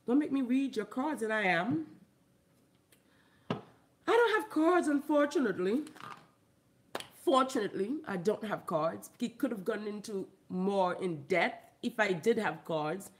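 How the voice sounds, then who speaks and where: A woman from Haiti, ranting bluntly and profanely into her phone, swinging between loud outbursts and muttering. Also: medium pitch, lively intonation, a little slow, long pauses, slight background noise. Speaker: vlogger. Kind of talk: profane comedic rant.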